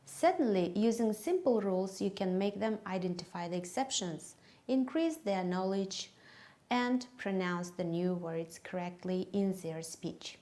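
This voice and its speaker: Slow, careful Kyrgyz-accented woman teacher. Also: mid-range voice, dark tone. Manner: slow, careful classroom delivery, stretching words to show stress. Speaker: teacher trainer. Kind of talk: methodology lesson for English teachers.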